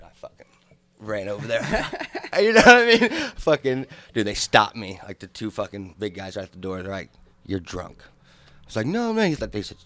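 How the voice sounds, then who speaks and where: A man, co-hosting a podcast and telling a wild story in a loud, profane, animated way. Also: deep voice. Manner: animated, profane storytelling, acting out drunk shouts. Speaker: podcast co-host. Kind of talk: casual storytelling chat.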